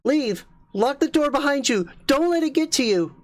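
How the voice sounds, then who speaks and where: A man voicing a terrified young woman who pleads in a high strained voice. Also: very animated, takes it slowly, no echo, studio quality, heavily acted. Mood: panicked. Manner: high strained yelling pleas.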